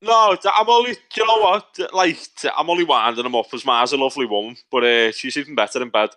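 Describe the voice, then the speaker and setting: Lively, bright-voiced Scouse lad. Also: male voice, mid-range voice, quick pace. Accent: Liverpool Scouse. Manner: loud, swearing, laughing, winding others up. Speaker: podcast co-host. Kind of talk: crude casual banter.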